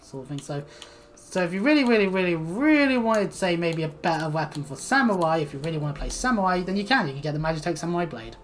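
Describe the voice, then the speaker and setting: A woman streamer giving rambling, filler-heavy gameplay commentary that often trails off quietly. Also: lowish voice, animated, fast talker.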